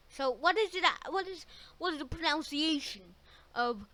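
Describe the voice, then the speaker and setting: A woman with a bright, forward voice pitched a little high, commenting casually over a video. She chats loosely and breaks in with curious questions. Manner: chatty and questioning, quick interjections. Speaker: reaction video host.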